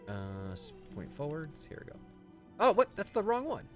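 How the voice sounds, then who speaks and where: Lively, chatty gaming streamer. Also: male voice, fairly high pitch, normal speed, soft background music. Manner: chatty, reads chat aloud and answers it. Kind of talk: casual gameplay commentary.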